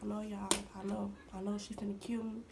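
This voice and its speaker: A young woman vlogger casually telling a personal story to her viewers, chatty and talking straight to them, sometimes dropping into hushed asides. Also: medium pitch, level tone, brisk, creaky, heavy background noise.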